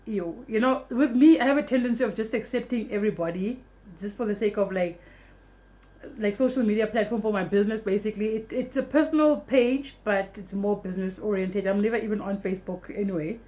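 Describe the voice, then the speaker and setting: A young woman vlogging casually, telling a story fast and animatedly with free swearing. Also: medium pitch, mellow.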